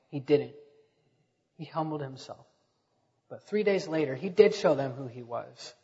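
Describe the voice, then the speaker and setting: Guy preaching a sermon, kinda husky, swells loud then goes quiet, dull echoey church sound. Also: a little high, unhurried, pauses often. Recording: dull echoey sanctuary recording.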